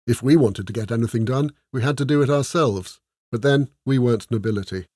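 A man narrates a comic fantasy tale with wry, measured timing. His voice sits at an ordinary middle pitch. The sound is dry and close-miked. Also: darkish tone, no echo. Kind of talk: storytelling audiobook narration.

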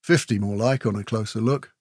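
A man narrating a fantasy story with steady, vivid emphasis. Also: fairly low pitch, fairly quick, husky, no room sound, studio quality. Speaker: audiobook narrator. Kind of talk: scripted narration.

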